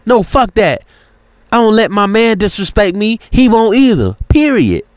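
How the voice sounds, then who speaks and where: A man voicing a hot-tempered young woman with a switchblade, cursing and defiant in a raised, high voice. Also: measured pace, a little mellow, smooth, no room sound. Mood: furious.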